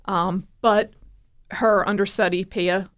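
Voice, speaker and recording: Animated woman telling a story on radio. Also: mid-range voice, takes it slowly. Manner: animated, acts out quoted dialogue. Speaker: guest, parent sharing her son's story. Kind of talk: casual radio interview storytelling.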